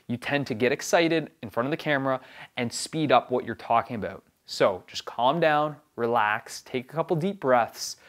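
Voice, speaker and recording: A young adult man hosting a video about on-camera speaking, giving tips in an upbeat, emphatic coaching tone. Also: mid-range voice. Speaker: video production host.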